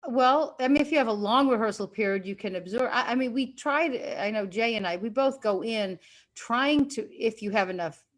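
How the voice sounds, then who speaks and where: A woman in her sixties, a guest actress, chatting candidly and animatedly over a video call. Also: on the high side. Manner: candid, animated storytelling with quick asides. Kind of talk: casual interview chat.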